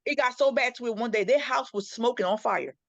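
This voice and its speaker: A woman's voice: a little high, fairly quick, creaky, no echo, muffled recording. A middle-aged woman, a podcast co-host, telling a story in a casual group discussion and acting out the voices she quotes.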